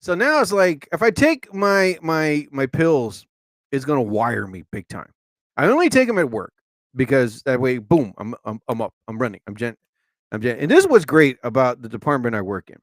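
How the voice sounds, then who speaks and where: A man's voice: mid-range voice, very animated, normal speed, dry recording. A man hosting his own live show and podcast in a rambling, chatty monologue, laughing often and restarting his sentences.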